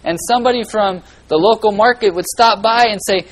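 A man preaching a sermon in a folksy, earnest way, swinging between loud and hushed delivery. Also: high-pitched, fairly quick, few pauses, low-quality recording. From California.

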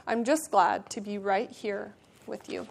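A woman's voice: mid-range voice, unhurried, vocal fry, a little hiss or hum. Woman voicing a timid little acorn. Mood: timid wonder. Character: small timid young acorn child.

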